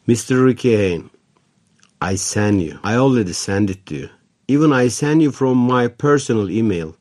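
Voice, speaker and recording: A man's voice: on the low side, a little mellow. A man with a Turkish accent hosting a radio show, reading listener letters in chatty, non-native English. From Turkey. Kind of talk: casual on-air letter reading.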